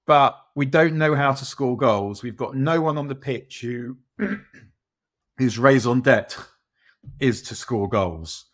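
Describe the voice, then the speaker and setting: A man's voice: mid-range voice, lively intonation, slow pace. Rambling man chatting football. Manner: rambling, self-mocking, restarts often. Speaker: podcast co-host. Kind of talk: casual football chat.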